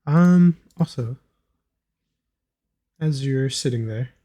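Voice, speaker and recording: A man narrating as game master in a tabletop role-playing game, in a relaxed, casual way. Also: mid-range voice, slow.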